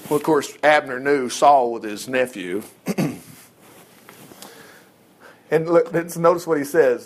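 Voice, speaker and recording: A man's voice: medium pitch, slow, pauses often. A man teaching a Bible story informally, acting out the characters and joking as he goes. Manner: animated storytelling, acts out voices, jokes and chuckles.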